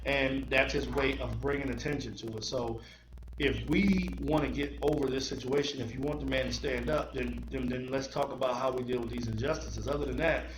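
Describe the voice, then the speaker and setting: A man's voice: mid-range voice, steady tone, brisk, slight background noise. A man hosting a podcast in casual chat, earnest and emphatic, building his argument point by point. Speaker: podcast host. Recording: echoey room.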